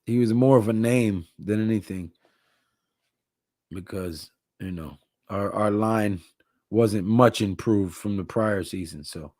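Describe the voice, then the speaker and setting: Brief: male live-stream host, tired, laid-back, mellow dark tone, dry close sound. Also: on the low side, slow pace, dry recording. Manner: laid-back, reads chat comments aloud. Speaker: livestream host. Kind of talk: casual live-stream chat.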